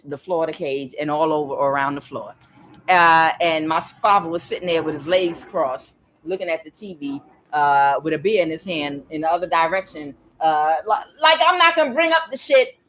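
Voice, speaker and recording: A woman's voice: on the low side, a bit bright. A woman tarot reader casually telling a personal story to her viewers, talking frankly and with profanity, laughing often and acting out the people in it.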